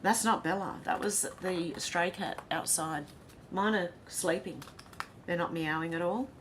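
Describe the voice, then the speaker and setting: With a faint hum and rumble in the background, an Australian woman casually chats on her livestream at a measured pace. She reads viewers' comments aloud, laughs easily, and her voice sits low.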